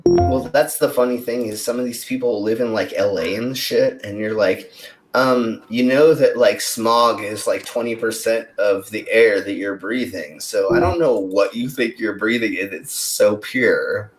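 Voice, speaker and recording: A man co-hosting a casual podcast chat, rambling and filling pauses with ums and likes. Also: on the low side, fairly even intonation. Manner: rambling, many fillers and restarts. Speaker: podcast co-host. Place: Denver, United States.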